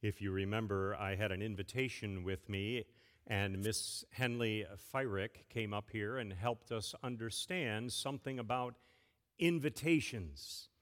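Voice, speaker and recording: Pastor in a reverberant church. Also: male voice, fairly low pitch, measured pace. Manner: gentle, playful, asks a child many questions. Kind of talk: children's sermon. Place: church sanctuary.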